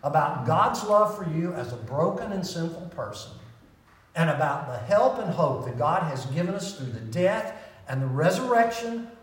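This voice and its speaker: Animated preacher with a roomy, distant echo. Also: male voice, fairly high pitch, normal speed. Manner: animated, conversational preaching with rhetorical questions. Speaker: pastor. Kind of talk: sermon. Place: church sanctuary.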